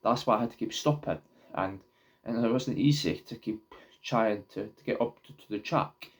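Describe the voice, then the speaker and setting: A young man talking casually to camera in his own vlog, rambling, often stopping and restarting his words. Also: lowish voice. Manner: halting, repeats and restarts words. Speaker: vlogger.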